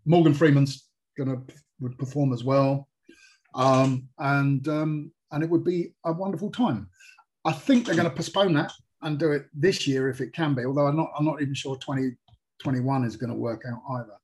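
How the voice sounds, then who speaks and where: A man's voice: mid-range voice, steady tone, normal speed, a little mellow, slight background noise. An English man talking casually as a guest, hesitant, with many fillers and restarts. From England. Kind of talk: casual chat.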